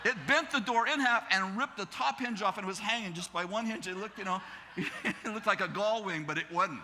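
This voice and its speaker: A man in his fifties with an American accent, a pastor telling a story in a sermon, animated and laughing as he acts out the other people in it. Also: sits high, a little fast, noisy background. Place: church sanctuary.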